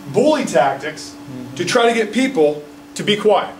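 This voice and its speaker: A fairly high-voiced man, a political candidate, gives an indignant, storytelling speech at a press conference and keeps checking in with the crowd. His voice reaches the microphone from a distance, and a roomy echo and faint background hum are clear behind him. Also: animated, moderate pace.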